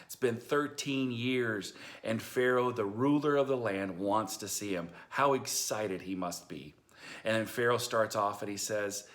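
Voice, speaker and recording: A man's voice: mid-range voice, normal speed, a bit bright. A man retelling a Bible story in a casual, folksy way, acting out the characters in modern slang. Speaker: storyteller preacher.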